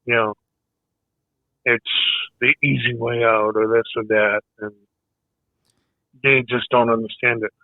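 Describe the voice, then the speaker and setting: A man who is a veteran, speaking as a guest in a casual interview, halting and soft-spoken with many pauses. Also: mid-range voice, level tone, no echo. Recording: thin phone-like line, dry.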